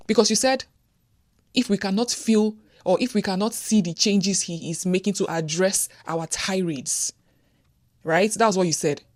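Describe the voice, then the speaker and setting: A woman's voice: medium pitch, moderate pace, no echo. A woman from Nigeria, hosting opinion commentary in an earnest, insistent way, firing rhetorical questions. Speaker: commentator host.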